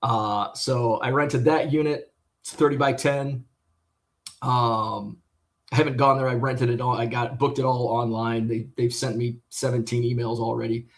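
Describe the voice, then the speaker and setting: A man's voice: medium pitch, flat delivery, normal speed. A man vlogging casually about his sports card hobby, rambling and swearing as he vents about a bad customer service experience. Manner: rambling and profane, retelling with exasperation. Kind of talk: casual venting monologue.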